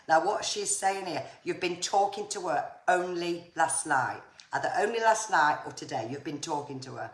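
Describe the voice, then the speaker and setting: A woman's voice: sits low, animated, normal speed. A woman giving psychic readings on a live stream, chatty and reassuring, often saying viewers' names. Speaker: psychic medium. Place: home room on a live stream. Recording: echoey room with faint noise.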